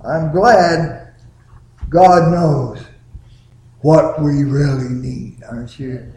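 Slow-preaching pastor in an echoey church. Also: male voice, medium pitch, a little mellow. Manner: slow, deliberate preaching with drawn-out words. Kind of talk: sermon. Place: church sanctuary.

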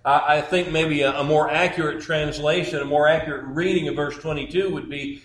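A man preaching a sermon in a measured, emphatic way, building points through repeated phrases. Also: a little high, fairly even intonation. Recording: echoey church room.

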